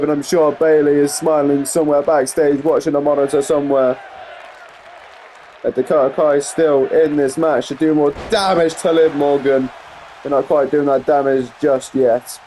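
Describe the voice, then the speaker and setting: Man, gameplay commentary, wrestling game play-by-play, excitable, rambling asides, higher voice, faint background hiss. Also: normal speed. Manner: excitable, rising on big moves, rambling asides with fillers.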